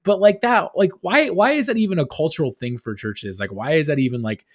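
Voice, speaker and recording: A man co-hosting a podcast in casual chat, animated and rambling, often poking fun at himself. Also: fairly high pitch, fairly quick. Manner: animated, rambling, self-deprecating. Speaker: podcast co-host.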